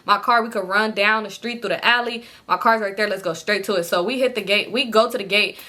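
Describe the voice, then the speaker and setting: A young woman telling a storytime story in a casual, animated way, swearing freely and acting out quotes in a higher voice. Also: brisk. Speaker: storytime vlogger.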